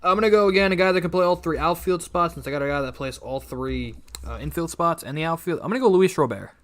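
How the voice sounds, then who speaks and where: A man co-hosting a casual sports roundtable over an online call, joking and quick. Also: fairly high pitch, a bit bright.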